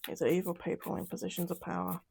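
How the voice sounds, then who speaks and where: A woman's voice: on the low side, completely flat delivery, quick pace, creaky, a little mellow, breathy edge. A woman doing a casual tarot reading, talking in an upset, emotional way with sighs and trailing sentences. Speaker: tarot reader.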